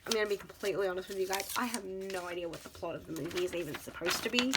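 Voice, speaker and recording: Young woman, chatty rambling vlog talk, mid pitch, noisy recording. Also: rapid-fire. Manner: rambling, incredulous, laughing asides. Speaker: vlogger. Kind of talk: casual chat to camera.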